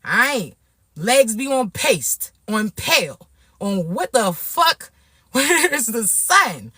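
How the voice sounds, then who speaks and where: A woman from Florida, ranting to camera in a brash, profane, animated way. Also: fairly high pitch, slow, husky, dry recording, studio quality. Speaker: vlogger. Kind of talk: casual rant to camera.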